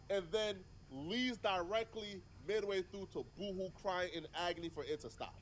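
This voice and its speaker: A man giving reaction commentary in a measured, deliberate way, laying out his argument step by step. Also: a little high, slight background noise.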